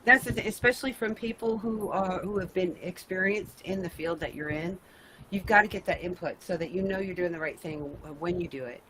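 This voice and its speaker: A middle-aged woman hosting a casual video-call chat, animated and laughing, with mock-exasperated asides. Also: lowish voice, fairly quick, a little hiss or hum, low-quality recording. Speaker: host.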